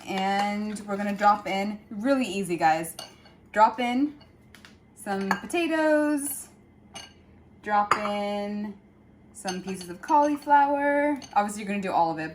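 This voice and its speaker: A woman's voice: medium pitch, expressive, a little slow, low-quality recording. A young woman co-hosting a casual home cooking show, upbeat and talking straight to the viewers. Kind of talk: casual cooking demonstration and chat. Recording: faint room noise.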